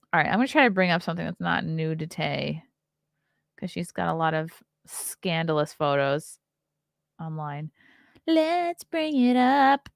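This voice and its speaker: A woman in her thirties hosts a loose livestream chat, reading viewer comments aloud and answering them. Her voice sits fairly low for a woman. The sound is close and dry, with no room around it. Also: fairly bright tone, no echo. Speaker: podcast host and comedian.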